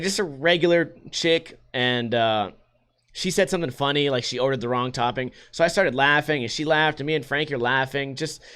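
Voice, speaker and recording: A man's voice: medium pitch, clear, resonant tone. A young adult man from Las Vegas telling stories in a casual, profane rant, acting out what other people said. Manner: profane, animated, acts out quotes in other voices. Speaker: podcast host.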